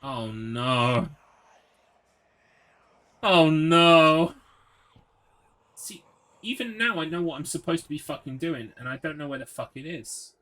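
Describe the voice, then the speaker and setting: A man's voice: medium pitch, expressive, moderate pace, pushed and bright. A young man streaming a horror game, ranting sarcastically and swearing as he gets frustrated. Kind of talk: live gameplay commentary.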